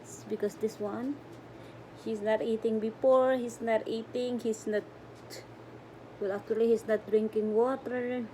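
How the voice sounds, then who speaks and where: A woman's voice: fairly high pitch, mellow, slight background noise. A middle-aged woman, chatting to viewers about her cat at home, fond and rambling in broken English. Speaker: pet vlogger. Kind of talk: casual vlog talk to her cat and viewers.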